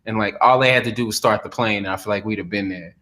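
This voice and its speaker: A man's voice: lowish voice, fast talker, bright, forceful tone. A young man co-hosting a casual podcast chat, telling stories in a loose, profane way. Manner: loose, profane storytelling with laughs. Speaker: podcast co-host and rapper.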